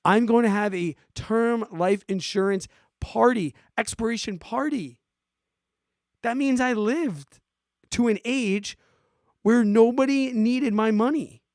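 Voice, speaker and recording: A forty-year-old man hosting a podcast, ranting in an animated, exasperated way and giving casual advice to listeners. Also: very high voice, takes it slowly, no room sound, studio quality. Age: 40s. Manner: animated, exasperated, emphatic, swears. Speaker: podcast host answering listener questions.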